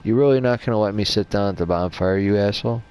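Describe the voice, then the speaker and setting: Male gaming host with a deep, low voice, casual and foul-mouthed, rambling through lore commentary. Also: quick pace, darkish tone, smooth. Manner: casual, rambling, heavy swearing. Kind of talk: lore commentary over gameplay.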